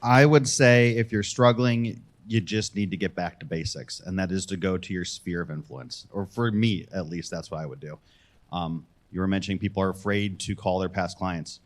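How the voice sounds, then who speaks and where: Man, lowish voice, conversational, practical panel advice. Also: normal speed.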